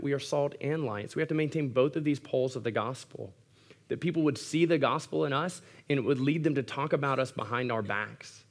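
Male pastor, earnest sermon delivery, mid-range voice, wry asides. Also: mid-range voice.

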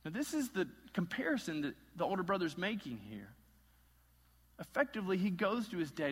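A male pastor delivering an impassioned sermon, swinging between loud emphasis and hushed moments. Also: high voice, big pitch swings, brisk, slightly rough, big-room sound.

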